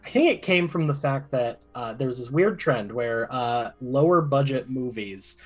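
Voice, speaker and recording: A man's voice: medium pitch, moderate pace, few pauses. A man with an ordinary mid-range voice tells a meandering, amused story in a casual stream conversation. He chuckles now and then as he talks. Faint music plays behind him. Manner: rambling, amused anecdote, chuckles while talking. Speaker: tabletop game player.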